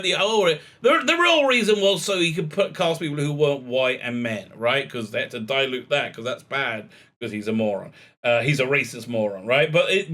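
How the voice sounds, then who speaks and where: A man's voice: high-pitched, sharp tone. A man delivering a sarcastic, mocking video commentary rant, laughing often and stumbling over fillers. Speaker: YouTube commentator.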